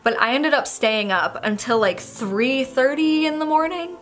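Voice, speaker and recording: A woman's voice: high voice, animated, a little slow, fairly bright tone, faint music behind. A young woman speaking candidly to a camera on a tripod in her bedroom, rambling through an emotional confession. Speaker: vlogger. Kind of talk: personal talk to camera.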